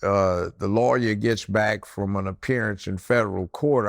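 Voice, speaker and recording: Gravelly older man telling courtroom stories. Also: fairly low pitch, normal speed, few pauses, dry recording, clean studio sound. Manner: animated storyteller acting out other voices. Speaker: former judge, guest. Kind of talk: storytelling interview.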